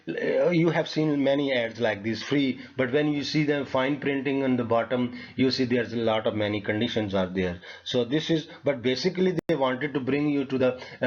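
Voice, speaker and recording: A man teaching a lecture on logic fallacies, talking in a halting way with many fillers and restarts. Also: medium pitch, darkish tone, highs cut off.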